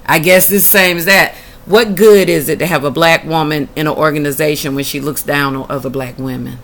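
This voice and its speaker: Woman, blunt and indignant, reading documents aloud and reacting; forceful delivery. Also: sits low, fairly even intonation, brisk. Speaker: tenant telling her own housing case.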